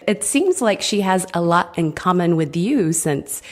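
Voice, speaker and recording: A woman interviewing an author, asking long, measured questions. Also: fairly low pitch, expressive. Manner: measured, asks long questions with small stumbles. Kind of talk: radio interview.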